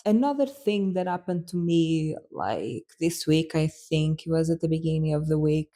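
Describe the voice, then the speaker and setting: A woman's voice: lowish voice, warm tone. A young woman hosting a podcast, telling a personal story in an earnest, reflective way, full of fillers and restarts. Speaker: podcast host.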